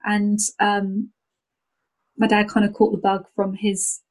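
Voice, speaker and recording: A woman's voice: mid-range voice, completely flat delivery, takes it slowly, a little mellow, poor audio. A young woman from North Wales, a rally driver co-hosting a podcast, talking in a chatty, enthusiastic way with frequent laughter. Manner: chatty and enthusiastic, many restarts and fillers, laughs often. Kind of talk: casual conversational interview.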